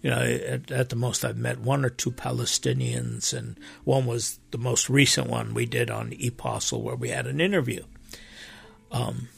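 A preacher talks earnestly and conversationally, with emphatic, animated rises and quoted voices. His voice is mid-range, gravelly and husky, at a moderate pace. The talk comes across as impassioned.

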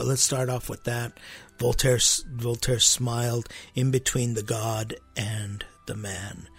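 A man's voice: mid-range voice, vocal fry, fairly bright tone, slightly rough, no echo. A man hosting a Christian podcast, teaching on Scripture in a conversational, emphatic way with frequent asides and restarts.

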